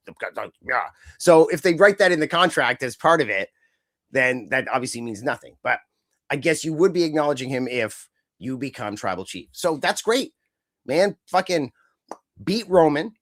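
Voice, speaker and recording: A man with a slightly higher voice co-hosts a casual chat show. He rambles in long, excited runs and keeps slipping into quick impressions of other people. The sound is dry and close. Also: no echo. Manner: rambling, animated, acts out quotes. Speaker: podcast co-host.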